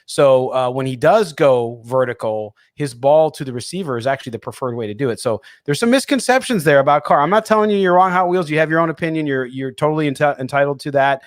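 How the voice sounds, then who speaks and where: A man's voice: a little high, expressive, fast talker, hardly any pauses, dry recording, studio quality. A man co-hosting a sports radio show who reads listener comments aloud and answers them in casual chat.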